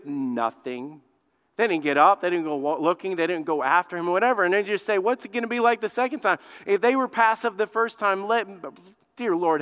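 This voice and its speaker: High, bright-voiced man preaching a sermon. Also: clean tone. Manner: emphatic, rising to loud repeated exclamations. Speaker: pastor. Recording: church hall reverb.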